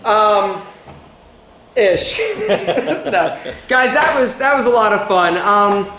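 Host, male, high and upbeat, echoey room. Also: very animated, slow, bright, forceful tone, slight background noise. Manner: upbeat, laughs often, playful. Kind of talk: casual group chat. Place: office.

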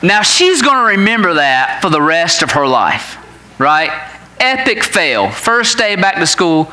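A man in his forties, a pastor, telling a family story in a sermon in an animated way, laughing at his own tale. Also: sits high, measured pace, a little hiss or hum.

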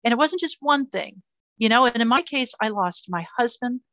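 A woman's voice: a little high, lively intonation, moderate pace, fairly bright tone, no echo, lo-fi sound. An older woman telling a painful personal story in an interview, earnest and emotional, often repeating herself. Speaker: guest.

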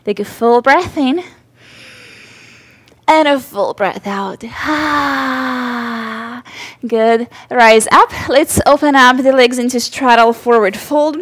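A woman guiding a yoga class in a high, light voice. She speaks slowly and gently, with encouraging cues and soft cooing to her baby. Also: husky. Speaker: yoga instructor. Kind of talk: guided yoga class instruction.

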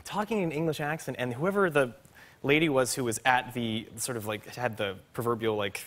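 Bright-voiced man telling a self-mocking story. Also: mid-range voice, fairly quick. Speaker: actor, talk show guest. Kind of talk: anecdote on a late-night talk show.

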